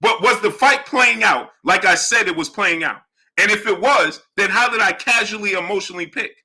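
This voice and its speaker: A man's voice: high-pitched, normal speed, bright, forceful tone, slightly rough. A man hosting a live boxing stream, arguing with chatters and greeting them by name. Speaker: livestream host. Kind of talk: live chat boxing talk.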